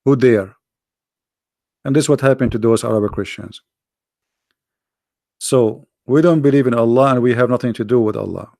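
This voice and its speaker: Guy hosting a stream, blunt and scornful, gravelly voice, dry close mic. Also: mid-range voice, a little fast, pauses often, mellow, dry recording. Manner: blunt, scornful, repeats himself. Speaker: livestream host. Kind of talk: combative religious talk.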